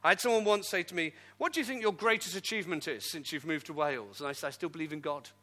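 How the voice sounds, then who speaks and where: A middle-aged man, a pastor, telling his story in a sermon with lively, self-deprecating humor. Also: on the high side, quick pace. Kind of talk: testimony sermon.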